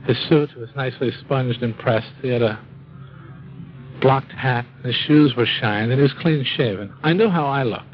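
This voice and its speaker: A man's voice: mid-range voice, normal speed, highs cut off. A man telling his own drinking story in a folksy, wry way, acting out what people said. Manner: wry, self-mocking humor; folksy, acts out quoted speech. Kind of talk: storytelling talk.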